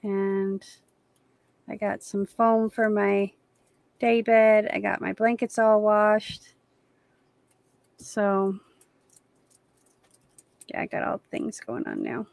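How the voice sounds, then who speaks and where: A woman's voice: mid-range voice, slow pace, gravelly, long pauses, a little mellow, no echo. A woman hosting an art livestream, chatting casually as she paints, rambling and correcting herself as she goes. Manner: rambling, self-correcting, easygoing. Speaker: artist hosting a live stream. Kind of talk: casual chat while painting.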